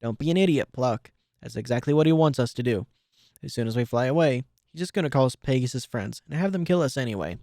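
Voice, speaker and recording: A man's voice: mid-range voice, expressive, fast talker, mellow, dry recording, studio quality, natural voice. A man voicing a cruel, bossy female griffin captain who talks cold and commanding.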